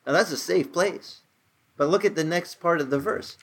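A man's voice: a little high, normal speed, a bit bright. A man in his sixties preaching a casual, conversational sermon, telling stories with rising emphasis. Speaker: pastor.

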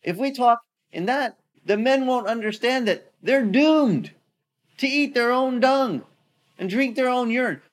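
A man voicing a boastful, sneering Assyrian envoy who taunts loudly in a raised, mocking voice. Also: unhurried. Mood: threatening. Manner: taunting, mocking, loud and high.

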